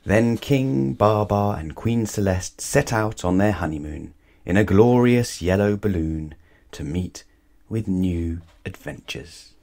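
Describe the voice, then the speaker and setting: A children's bedtime story is read aloud by a man whose voice is a little low and creaky. He keeps it calm, measured, gentle, and unhurried.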